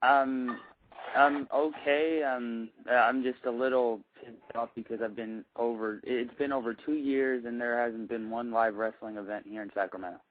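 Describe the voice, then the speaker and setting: A man's voice: medium pitch, fairly even intonation, normal speed. Male caller on a phone line, kinda hesitant and grumbly, tinny distant sound. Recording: distant, phone-like radio call.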